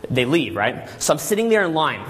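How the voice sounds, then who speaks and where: A man telling a story to a class as a dating coach, animated and constantly checking in with "right?" and "okay?". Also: on the high side, brisk. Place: Los Angeles.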